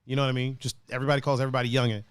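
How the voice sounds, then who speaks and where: A man's voice: medium pitch, little pitch movement, very fast, smooth, dry recording. A man with an East Coast accent and D.C. slang, hosting a casual livestream chat, laid-back and laughing often. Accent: East Coast, D.C. and Baltimore slang. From Washington, D.C. area. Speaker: host.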